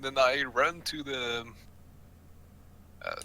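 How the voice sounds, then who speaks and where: Slow-talking, bright-voiced man playing. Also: medium pitch. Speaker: player. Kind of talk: playing a tabletop game.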